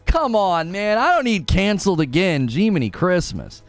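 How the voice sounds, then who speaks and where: A man in his thirties hosting a casual livestream, reading viewer messages and chatting with a playful, animated delivery. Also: moderate pace, no echo, faint music behind. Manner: animated, laughs often, playfully mock-quotes people in a high voice. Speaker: livestream host.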